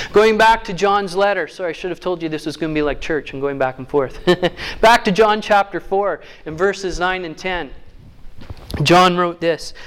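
High-voiced man preaching a sermon. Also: smooth. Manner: reads scripture slowly, then jokes warmly with the crowd.

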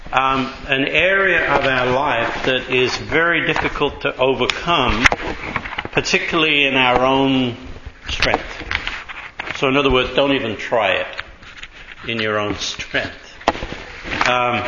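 A man preaching a sermon as a pastor, speaking conversationally, drawing out key words for emphasis and pausing on frequent ums. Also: medium pitch, noisy background. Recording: echoey lo-fi hall recording.

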